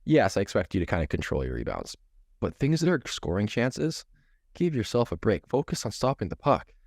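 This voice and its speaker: A man's voice: fairly low pitch, big pitch swings, a little fast, creaky, darkish tone, dry recording, studio quality. A man in his thirties, a goalie coach, chatting casually on a podcast, rambling with many false starts and restarts. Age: 30s.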